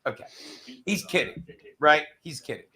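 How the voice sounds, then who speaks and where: High, bright-voiced man ranting. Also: moderate pace. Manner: mocking, crude, animated. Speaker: show host. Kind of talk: profane sports rant.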